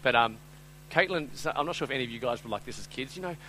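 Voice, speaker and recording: Bright-voiced male preacher. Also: mid-range voice, animated, fast talker, a little hiss or hum, low-quality recording. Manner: swings between loud urgent preaching and quiet, chatty storytelling full of fillers. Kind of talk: live sermon with a family story. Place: speaking before a live audience.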